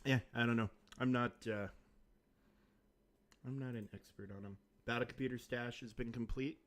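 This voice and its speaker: A man's voice: mid-range voice, fairly even intonation, moderate pace, fairly bright tone. A man casually chatting on a live game stream from a home desk, rambling and restarting his sentences. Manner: rambling, self-interrupting, chatty. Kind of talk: casual live-stream chat while gaming. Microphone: desk mic on a stand.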